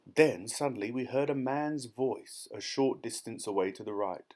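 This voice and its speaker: A man narrating a children's audiobook in a clear, steady storytelling manner. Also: medium pitch, moderate pace. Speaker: audiobook reader.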